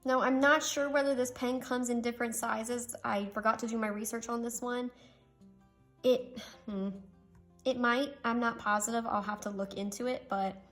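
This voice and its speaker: A woman's voice: a little high, fairly even intonation, normal speed, fairly bright tone, soft background music. A young woman chatting casually through a pen review, gushing and making self-deprecating asides. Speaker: stationery reviewer.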